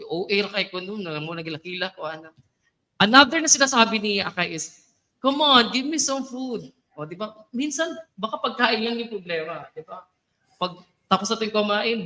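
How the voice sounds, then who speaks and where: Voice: medium pitch, bright, forceful tone, poor audio. A young adult Filipino speaker giving a chatty, playful talk at a student orientation, laughing often. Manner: chatty, playful, mixes English and local phrases, laughs often.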